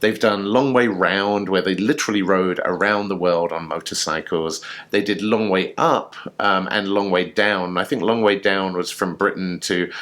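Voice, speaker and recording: A man's voice: low-pitched, fairly even intonation, normal speed, few pauses, fairly bright tone. A man co-hosting a casual chat show, telling a story in an enthusiastic, chatty way with fillers. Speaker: podcast co-host.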